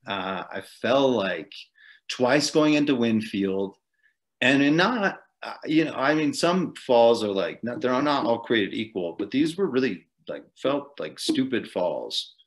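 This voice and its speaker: A man's voice: medium pitch, expressive, measured pace. A man being interviewed on a podcast, recounting a long race in a loose, rambling way with frequent chuckles and fillers. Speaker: podcast guest, ultrarunner. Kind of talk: casual storytelling interview.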